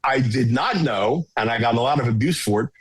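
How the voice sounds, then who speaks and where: A middle-aged man, a home shopping executive, telling lively anecdotes as a podcast guest. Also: medium pitch, fairly quick, breathy edge. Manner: animated anecdote teller, quotes others. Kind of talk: casual storytelling.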